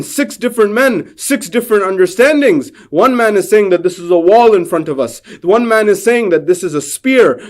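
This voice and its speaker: A male lecturer telling a parable during a religious talk, with dramatic delivery and repeated rhetorical questions. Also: high-pitched.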